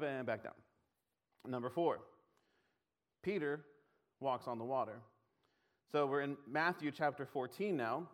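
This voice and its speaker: A man preaching a conversational sermon, often laughing and acting out scripture lines in his own voice. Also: a little high.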